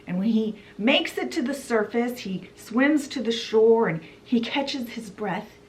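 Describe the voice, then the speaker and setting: Woman, book host, casual story retelling, chatty, slightly high voice. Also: lively intonation, a little slow, slight background noise. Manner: chatty, fills with "you know" and "he's like".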